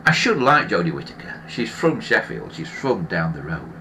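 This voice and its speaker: A man's voice: low voice, sing-song, moderate pace, few pauses, noisy background. A man hosting a live stream, ranting in an opinionated, grumbling way and often restarting his sentences. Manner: rambling with frequent restarts. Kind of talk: casual live-stream chat.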